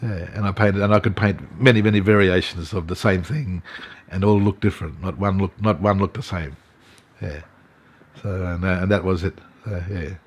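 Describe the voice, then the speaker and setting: An older Australian man, an artist and elder, telling his story in an interview, halting, with many fillers and restarts. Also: sits low, steady tone, husky. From Central Australia.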